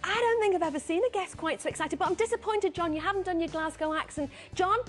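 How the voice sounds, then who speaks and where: A high-voiced woman presenting home shopping. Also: fast, faint music behind. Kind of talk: television presenting.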